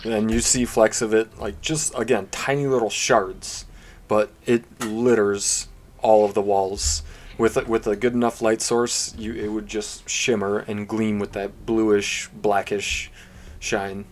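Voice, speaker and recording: Low-voiced man narrating as game master. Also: little pitch movement, a little slow, a little hiss or hum.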